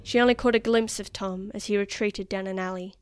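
A woman reading a story aloud as narrator in a measured, expressive way. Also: medium pitch, smooth. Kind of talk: scripted narration.

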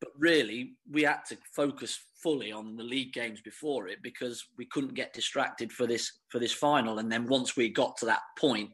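A man's voice: medium pitch, normal speed, few pauses, fairly bright tone, husky. A man, a former footballer, chatting casually as an interview guest, laughing and restarting phrases as he tells stories.

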